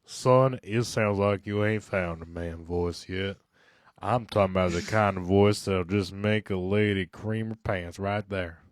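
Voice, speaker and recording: A man putting on the drawling, swaggering voice of a gruff old macho Western man. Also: low voice, fairly even intonation, a little slow, no room sound, studio quality, pitched below the performer's own voice.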